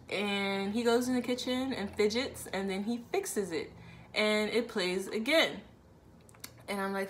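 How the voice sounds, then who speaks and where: A woman's voice: medium pitch, a little hiss or hum. A woman, casually telling a personal story to camera on her channel and acting out both sides of an argument. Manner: frequent "like" fillers, conversational.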